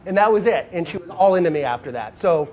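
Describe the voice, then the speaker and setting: A man coaching other men on dating, telling stories and acting out quoted lines in a casual, animated way. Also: high-pitched, fast. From United States.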